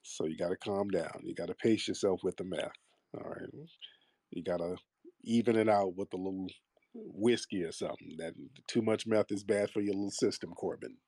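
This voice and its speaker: A man's voice: low-pitched, steady tone, normal speed, mellow, no room sound, studio quality. A man hosting a call-in talk show, blunt and combative, mocking his callers. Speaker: host.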